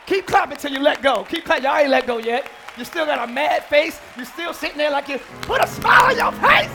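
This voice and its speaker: A man preaching a sermon as a pastor in a church, often shouting out to the congregation. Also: very high voice, expressive, brisk, hardly any pauses, over music, crowd noise. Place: church sanctuary during a live service.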